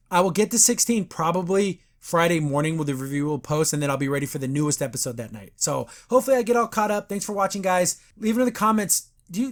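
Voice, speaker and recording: A man hosting a podcast, casually recapping a cartoon episode in a rambling, sarcastic way. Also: high voice. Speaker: podcast host reviewing a cartoon.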